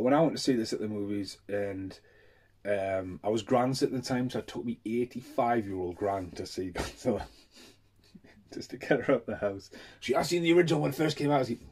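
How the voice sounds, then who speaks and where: Husky, low-voiced man ranting. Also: darkish tone. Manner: swears a lot, enthusiastic rambling rant. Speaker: film collector reviewing a Blu-ray. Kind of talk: casual unboxing chat.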